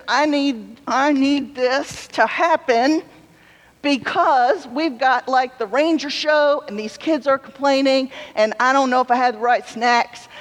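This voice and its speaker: A woman preacher voicing a frazzled, complaining woman tourist who rambles from one grievance to the next in a long echoing hall. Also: high-pitched. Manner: fretful, whiny, rambling complaints. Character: exasperated complaining woman tourist in a big hat.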